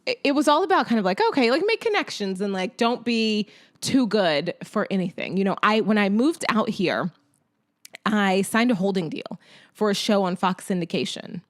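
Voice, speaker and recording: A woman's voice: mid-range voice, animated, normal speed. An American woman from Oklahoma, a television journalist, telling her story in a chatty, laughing way with lots of "like". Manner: chatty, laughs easily, uses "like" as filler. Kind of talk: casual interview storytelling.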